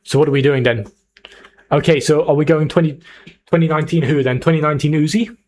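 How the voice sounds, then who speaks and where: A man's voice: fairly high pitch, fairly even intonation, quick pace, darkish tone. A young man streaming live, chatting casually and hyping up his viewers as he picks a team. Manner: chatty, hyped, talks to chat. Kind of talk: casual livestream chat.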